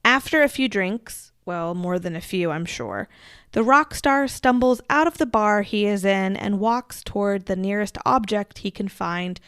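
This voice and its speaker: A woman's voice: medium pitch, unhurried, fairly bright tone, clean tone, no room sound, studio quality. A woman co-hosting a podcast, telling a story in a casual, chatty way with frequent laughs. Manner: chatty, laughs often, self-deprecating asides. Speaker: podcast co-host.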